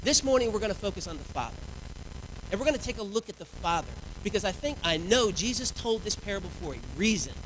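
A man in his thirties preaches in a church, his voice high and bright with a forceful edge. He tells lively family stories as he preaches, and faint background noise sits under his voice. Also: fast talker, poor audio. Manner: lively storytelling with family anecdotes. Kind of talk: sermon. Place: church sanctuary.

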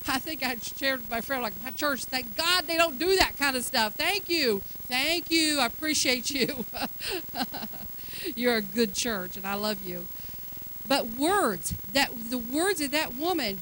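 A woman delivering a sermon in a high, bright voice, moving from easy conversational storytelling into loud, fervent proclamation. Faint background noise sits under her voice. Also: rough recording. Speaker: preacher.

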